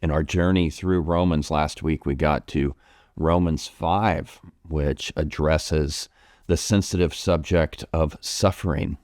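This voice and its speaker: A pastor with a low, deep voice and an American accent talks through a congregation's question in a gentle, reflective manner. He pauses with ums and restarts his thoughts as he goes. The sound is dry and close, with no room echo. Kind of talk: pastoral Q&A talk.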